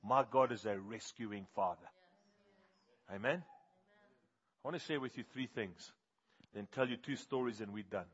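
Husky South African preacher. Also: male voice, mid-range voice, unhurried, long pauses, fairly bright tone, muffled recording. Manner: emphatic, has the congregation repeat words. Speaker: pastor. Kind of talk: sermon.

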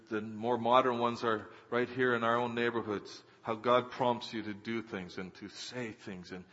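A man preaching a sermon as pastor, swinging between loud exhortation and quiet storytelling. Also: mid-range voice. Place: church sanctuary. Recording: muffled church hall with long reverb.

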